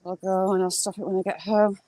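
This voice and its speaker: A woman's voice: medium pitch, level tone, brisk, warm tone, no room sound. A middle-aged woman with a mixed Yorkshire, Geordie and Cumbrian accent, chatting casually to viewers on a live-stream while she walks outdoors through rural fields. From northern England. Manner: chatty, rambling, answers viewers' comments. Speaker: vlogger live-streaming a walk.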